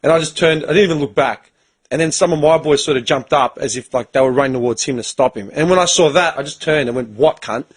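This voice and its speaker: A man's voice: fairly high pitch, fast talker. A young man hosting a casual podcast chat, telling stories in a blunt, profane way. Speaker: podcast host.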